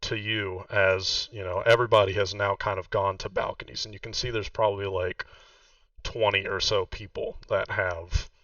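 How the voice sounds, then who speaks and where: A man's voice: on the low side, flat delivery, normal speed, a bit bright, no room sound. A man narrating a tabletop game as game master, rambling with many fillers. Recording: distant muffled mic.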